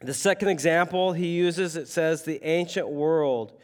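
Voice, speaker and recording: Casting: male pastor, slightly high voice, animated conversational sermon delivery. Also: a little slow. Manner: animated, conversational preaching with humor.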